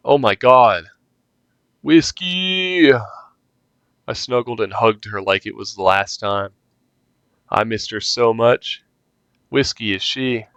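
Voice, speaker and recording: A man's voice: lowish voice, fairly even intonation, slow pace, pauses often, a bit bright, dry recording. A young man reading a story game aloud and reacting casually, joking and swearing between lines. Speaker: gaming youtuber.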